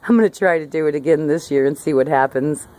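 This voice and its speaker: This fast-talking vlogger is a middle-aged woman with a low voice, speaking to her camera beside a hillside garden outdoors. Her relaxed account of the day wanders, with frequent self-interruptions and plenty of laughter.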